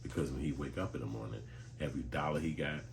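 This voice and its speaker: A man from talks in a low, deep voice, delivering blunt, streetwise commentary full of profanity. A quiet hiss sits faintly under his voice. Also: fast talker, vocal fry. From Chicago. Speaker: commentary channel host.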